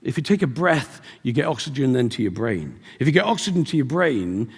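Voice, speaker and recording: Gravelly middle-aged male keynote speaker, storyteller, recorded live in a reverberant hall. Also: medium pitch, very animated, brisk. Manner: storytelling with acted-out dialogue. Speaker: motivational speaker. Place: large event hall.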